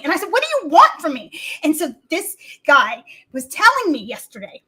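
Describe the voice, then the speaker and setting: A woman's voice: extremely high pitch, big pitch swings, moderate pace, pushed and bright. A woman co-host telling rambling, profane stories on a comedy talk show, acting out the other people in them. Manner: profane, rambling, acts out quotes.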